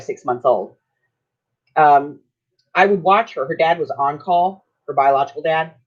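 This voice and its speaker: A woman's voice: deep voice, breathy edge. An older woman hosting her own channel, telling stories in a chatty, folksy way and laughing often. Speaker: craft channel host. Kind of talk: casual storytelling chat. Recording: dull lo-fi sound.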